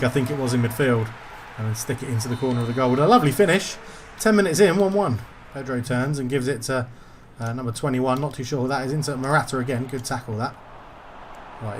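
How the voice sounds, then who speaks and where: A man's voice: mid-range voice, slight background noise. A man commentating his own football video game session, getting frustrated and swearing at the game. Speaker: gaming YouTuber.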